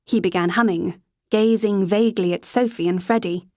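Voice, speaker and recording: A woman reading a novel aloud as an audiobook narrator, in an even storytelling manner on a close mic. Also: mid-range voice, moderate pace, no echo. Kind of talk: scripted narration.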